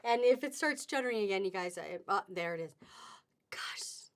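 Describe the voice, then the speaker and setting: A woman's voice: medium pitch, lively intonation, fast talker. A middle-aged woman hosting a live fabric sale on webcam, chatty and upbeat with sing-song exclamations. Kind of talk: live-stream selling chat.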